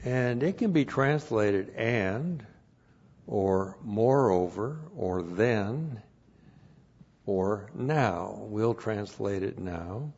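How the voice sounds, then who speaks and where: Slow, deliberate male Bible teacher. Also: lowish voice, lively intonation, darkish tone, husky. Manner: deliberate, repeats each numbered point twice. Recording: dull lo-fi recording.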